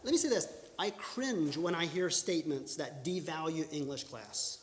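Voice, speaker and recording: A man's voice: fairly high pitch, expressive, normal speed, slight background noise. A man giving an earnest instructional talk at church, often restarting and correcting himself, then pushing out bursts of emphasis. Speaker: church speaker teaching public speaking. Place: church hall. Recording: echoey church hall.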